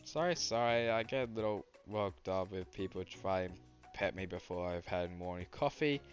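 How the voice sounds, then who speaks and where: A man's voice: animated, normal speed, soft background music. A man voicing a fussy, tiny-legged female teacher creature in a game. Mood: lecturing. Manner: flustered, high and loud.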